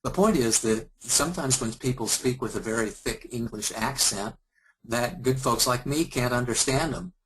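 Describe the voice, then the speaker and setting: A man from Kansas with a husky, slightly worn voice at a middle pitch. He speaks calmly and courteously, like a trainer walking a class through a support call. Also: normal speed, poor audio. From Kansas, USA. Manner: calm, apologetic and courteous. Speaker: trainer running a customer service lesson. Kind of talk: instructional talk with role-play.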